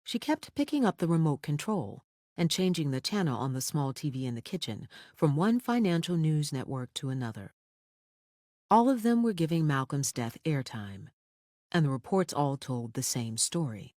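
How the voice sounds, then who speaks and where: Expressive audiobook narrator, dry studio. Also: medium pitch, moderate pace, dry recording.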